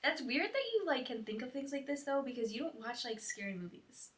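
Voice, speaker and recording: A woman in a casual chat, reacting to her friend with short, quick interjections. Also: high-pitched, big pitch swings. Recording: voice from a distance off the mic.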